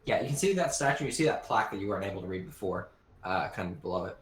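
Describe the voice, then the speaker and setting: Halting game master man, echoey room. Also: low-pitched, expressive, a crowd in the background. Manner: halting, with many fillers. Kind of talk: narrating a tabletop game. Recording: echoey room with faint background noise.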